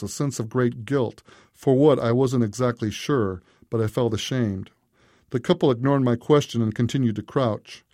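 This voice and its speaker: A man narrating a first-person story in a steady, unhurried way. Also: medium pitch, dry recording, studio quality.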